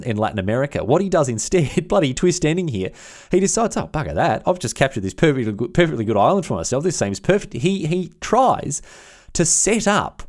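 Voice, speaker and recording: A man's voice: a little high, darkish tone. A man hosting a history podcast, retelling events in a chatty, irreverent way with slang and frequent restarts. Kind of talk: casual history storytelling.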